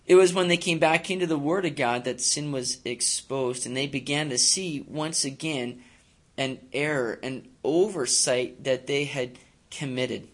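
A man's voice: medium pitch, measured pace. A male pastor preaching a sermon in a conversational way, with frequent fillers and repeated words.

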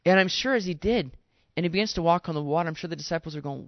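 Man preaching in a casual, animated way. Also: fairly high pitch, rapid-fire, no echo, muffled recording. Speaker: pastor. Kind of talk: conversational sermon.

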